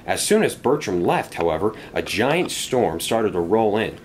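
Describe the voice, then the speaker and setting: A man narrating a children's storybook tale in an expressive, animated way. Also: fairly low pitch, normal speed, slight background noise.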